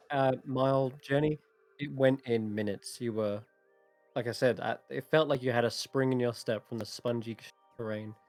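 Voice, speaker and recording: A man's voice: medium pitch, dry recording. A man in a mid-range voice narrates a fantasy scene as dungeon master, describing the landscape step by step and often restarting his sentences. Faint music plays under his voice. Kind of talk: narrating a tabletop game.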